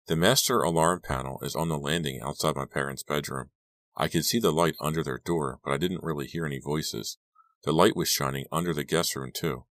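A man narrating a teen horror audiobook in the first person, reading in a steady, measured way. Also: rumbling low, dry recording.

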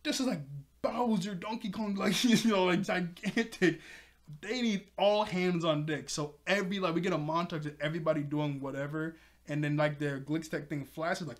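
A man with a slightly higher voice recaps a cartoon episode in loose, casual chat. He is excitable and chatty, piles on filler words and breaks into laughs often. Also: normal speed.

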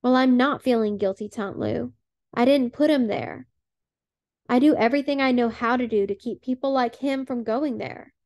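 A woman's voice: on the high side, normal speed, darkish tone, lightly acted. A woman voicing an exasperated young teacher. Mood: defensive. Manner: defensive, exasperated. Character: frustrated young male teacher, defensive.

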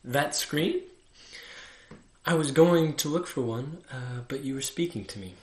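A vain and touchy storybook flower, coy and fussy as she makes her demands, read out by a man. The voice sits at a middling pitch. It is heard in an echoey room. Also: unhurried, darkish tone, natural voice.

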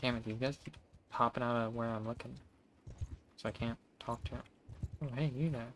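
A man's voice: mid-range voice, fairly even intonation, brisk, fairly bright tone, a little hiss or hum. A man giving casual, profane, wry commentary to himself while streaming a video game.

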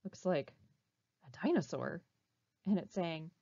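A woman librarian reading a picture book aloud to children, pausing to ask them questions. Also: low voice, dry recording. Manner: animated, asks children questions. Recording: dull, slightly muffled recording.

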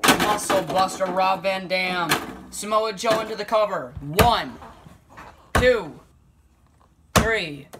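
A man giving play-by-play commentary on a wrestling video game, bursting into shouted excitement and then dropping to low mutters. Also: slow pace, long pauses, very noisy.

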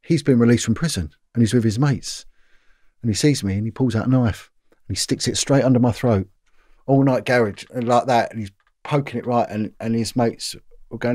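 Speaking briskly in a mid-range voice, a middle-aged man who used to be a police detective spins long, lively stories as an interview guest, stumbling through fillers, repetitions and restarts. The audio is dry and studio-clean.

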